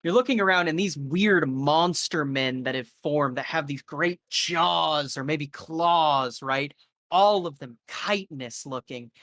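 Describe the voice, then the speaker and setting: A man's voice: fairly high pitch, pushed and bright, no echo, studio quality. Man narrating a tabletop horror game. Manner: loose, filler-heavy narration. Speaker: game master.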